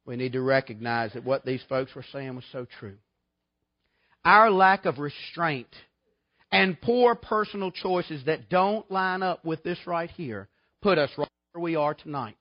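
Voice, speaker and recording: Folksy preacher, emphatic. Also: male voice, on the high side, unhurried, dry recording, lo-fi sound. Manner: folksy, emphatic storytelling with sudden loud outbursts. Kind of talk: sermon.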